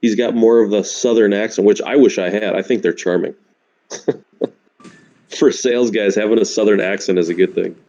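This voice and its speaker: A man talking over voice chat during a game stream, chatty and quick to laugh. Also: on the low side, fairly even intonation, mellow, muffled recording. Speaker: guest on voice chat. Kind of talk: casual chat. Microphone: voice chat mic.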